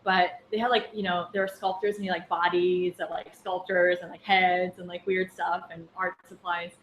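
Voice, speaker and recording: A woman's voice: on the low side, level tone, normal speed. Woman, chatty Buddhist teacher, roomy echo, faint background hum. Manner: conversational, anecdotal, many fillers. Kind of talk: casual dharma class talk. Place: class room. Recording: echoey room with faint ambience.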